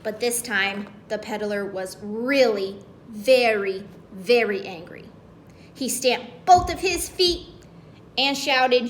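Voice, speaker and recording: A woman's voice: on the high side, slow. A woman reading a children's story aloud, playfully asking the kids questions as she goes.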